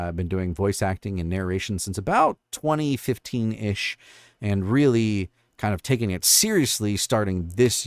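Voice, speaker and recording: Man, deep voice, casual livestream talk, rambling, thinking aloud, dry close sound. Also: no echo. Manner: rambling, thinking aloud while fiddling with stream tools. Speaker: livestream host and voice actor. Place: home studio.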